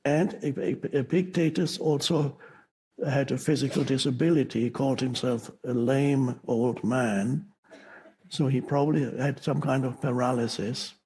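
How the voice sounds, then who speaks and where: A man giving a spiritual teaching talk, speaking slowly with pauses and halting restarts. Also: mid-range voice, steady tone, a little mellow, a little hiss or hum, rough recording.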